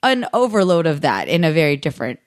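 A woman's voice: low-pitched, sing-song, fast talker, no echo, clean studio sound. A woman from California hosting a podcast, chatting casually with supportive interjections. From California, USA. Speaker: podcast host. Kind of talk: casual chat.

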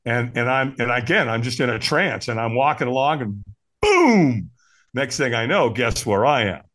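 A man's voice: medium pitch, a little fast. A man telling a personal story as a podcast guest, acting out the people he quotes. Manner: animated, acts out quoted voices. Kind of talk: storytelling in casual conversation.

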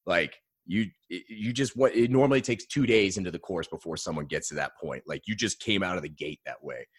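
A man telling a personal story in a casual interview, earnest and animated, often adding "man.". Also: low voice, brisk, breathy edge, no room sound, clean studio sound. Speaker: guest.

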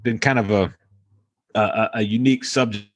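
A man co-hosting a casual golf chat, animated and quick to jump in. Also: lowish voice. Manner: animated, interjects often.

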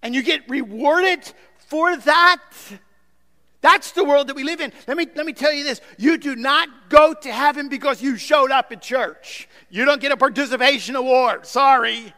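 A male pastor preaching a sermon, emphatic, repeating phrases and swinging between loud outbursts and soft, low asides. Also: moderate pace, few pauses. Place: church sanctuary. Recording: long hall reverb.

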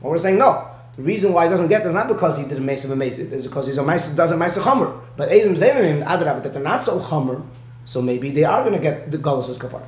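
A man's voice: a little high, animated, quick pace, roomy sound. A man giving a one-on-one Talmud lesson, explaining step by step and often checking in with "right?". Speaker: Talmud teacher.

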